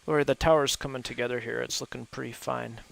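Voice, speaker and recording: Gravelly-voiced man chatting while gaming. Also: mid-range voice, steady tone, quick pace, a bit bright. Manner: chatty and easygoing, laughs often; thinks aloud with fillers. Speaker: gaming host playing with friends. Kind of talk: casual chat while gaming.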